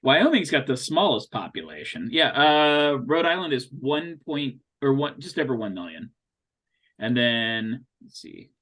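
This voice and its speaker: Man, from Ohio, very animated intonation, casual anecdotes, playful. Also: medium pitch, a little slow. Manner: animated anecdotes, goofy impressions. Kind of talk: casual chat.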